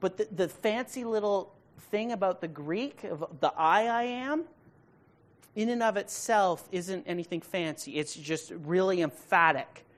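A woman leading an evening Bible study, speaking emphatically, checking in with her listeners by asking questions, and rising to a loud, forceful pitch when she reads scripture aloud. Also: measured pace. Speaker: Bible teacher.

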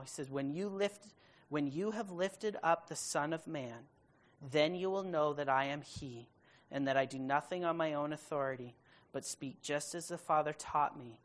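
A woman leading a Bible study, reading scripture aloud and then restating it in casual everyday speech, slowing down to stress key words. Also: low voice. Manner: emphatic, stretches key words slowly. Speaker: Bible teacher.

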